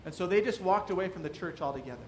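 A man's voice: high-pitched, animated, racing, slight background noise. A man preaching a sermon as pastor, asking the congregation rhetorical questions and acting out quoted voices.

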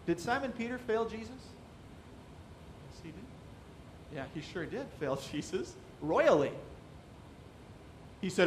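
A man's voice: high-pitched, sing-song, slow pace, long pauses, slight background noise. A man preaching a sermon as pastor, asking the congregation rhetorical questions and acting out quoted voices.

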